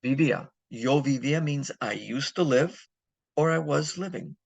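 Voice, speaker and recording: Gravelly man teaching a grammar lesson. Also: mid-range voice, moderate pace, no room sound. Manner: explains step by step, poses and answers his own questions. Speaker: Spanish teacher.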